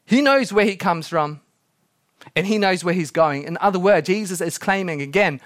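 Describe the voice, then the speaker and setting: A man preaching a sermon as pastor, dramatic, acting out quotes and slowing down for emphasis. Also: sits high, lively intonation, a bit bright, no echo, clean studio sound.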